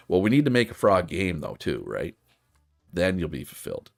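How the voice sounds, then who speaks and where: Deep-voiced chatty male game streamer. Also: wildly swooping pitch, moderate pace, gravelly. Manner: chatty, thinks aloud, frequent fillers and restarts. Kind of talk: casual gameplay commentary.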